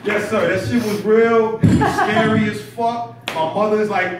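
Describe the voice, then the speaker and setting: Unhurried and steady, with few pauses, a man whose voice sits high tells a story during a stand-up set at a comedy club. He laughs at his own material and curses freely, captured on a distant mic in an echoey room with background noise.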